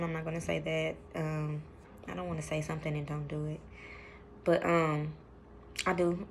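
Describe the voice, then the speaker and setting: A woman's voice: deep voice, slight background noise. Chatty rambling woman vlogger. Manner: rambling, chatty, lots of fillers; addresses viewers as y'all. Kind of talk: casual talking-to-camera vlog.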